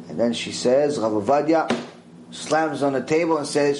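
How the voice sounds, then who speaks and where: A man giving a mussar lecture, telling a story with lively acted-out voices. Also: moderate pace, background noise. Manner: animated storytelling, acts out quoted voices with big pitch swings. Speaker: Torah teacher.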